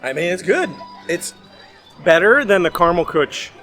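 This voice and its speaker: A man's voice: sits high, very animated, moderate pace, fairly bright tone. A man hosting a casual theme park food vlog, chatty and laughing often as he talks. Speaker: vlog host. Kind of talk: casual food review chat.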